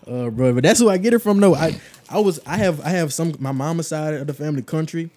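Slangy young New co-host. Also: male voice, fairly high pitch, quick pace, warm tone. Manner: slangy, swears freely, rambling restarts. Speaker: podcast co-host. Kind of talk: casual chat.

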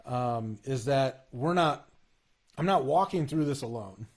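A man's voice: mid-range voice, lively intonation, breathy edge. Guy chatting earnestly about faith, lots of stops and restarts, regular mid voice. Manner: earnest, halting, many restarts. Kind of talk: casual faith conversation.

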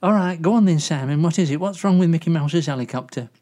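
In a comedy sketch, a woman plays a gossipy older agony aunt who rambles chattily, full of "you know" and asides. Her natural voice is low-pitched and warm, and she talks at a quick pace.

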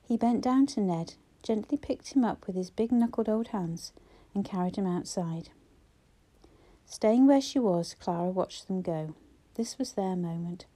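A woman reads a novel aloud in a steady storytelling voice, moving between the characters. Her tone is warm and mellow, never bright. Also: mid-range voice, a little slow. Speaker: audiobook narrator. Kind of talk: scripted narration.

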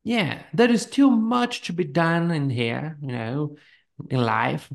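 A man's voice: fairly high pitch, takes it slowly, vocal fry. A man co-hosting a podcast, chatting casually and rambling with lots of fillers and frequent laughter. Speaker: podcast co-host.

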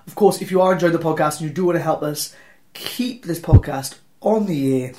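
Casual Welsh podcast host, young, self-deprecating and talkative, pitched a touch high. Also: male voice, brisk, darkish tone, slight background noise. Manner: chatty, self-deprecating, rambling. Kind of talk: casual podcast intro and ad reads.

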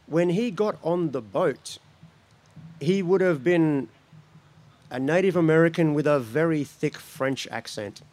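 Man from Australia, slow spoken-word talk, higher voice, laughs between lines. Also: darkish tone. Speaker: speaker at a gathering.

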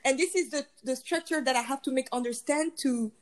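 High-pitched french woman telling stories in a chatty interview, keeps restarting her sentences. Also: a little fast. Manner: animated storyteller, quotes others, many restarts. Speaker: guest, luxury beauty executive. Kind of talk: casual interview chat.

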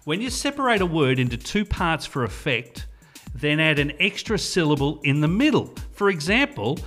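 Teasing New radio co-host. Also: male voice, fairly high pitch, very animated, fairly bright tone, faint music behind. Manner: teasing, quick comebacks. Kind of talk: casual radio banter.

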